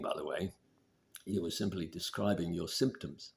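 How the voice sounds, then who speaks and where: A man giving relationship advice in a measured, deliberate instructional talk. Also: deep voice, gravelly. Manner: measured, deliberate, steady explaining.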